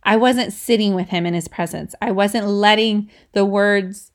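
A woman's voice: mid-range voice, a little slow. Chatty woman podcast host teaching. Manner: chatty, asks listeners "right?", laughs between points. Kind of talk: casual devotional teaching.

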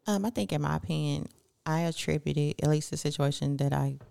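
A woman in her thirties co-hosting a podcast, speaking in a calm, even, matter-of-fact way. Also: sits low, brisk, vocal fry. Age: 30s. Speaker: podcast co-host. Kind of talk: casual chat.

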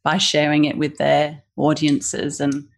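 Woman, business founder guest on a video call; chatty storyteller, slightly low voice. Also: completely flat delivery, unhurried. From Western Australia. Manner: chatty storyteller, acts out quotes, many fillers. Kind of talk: casual interview over video call.

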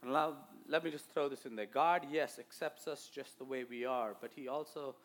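A man with an Indian accent preaching a sermon to a church, moving between quiet asides and loud, emphatic declarations. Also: medium pitch, steady tone, brisk. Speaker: pastor.

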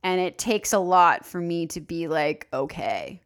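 A young woman co-hosting a podcast in casual chat, candid and profane, dropping into low mock-menacing asides. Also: steady tone, a little slow, smooth. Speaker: podcast co-host.

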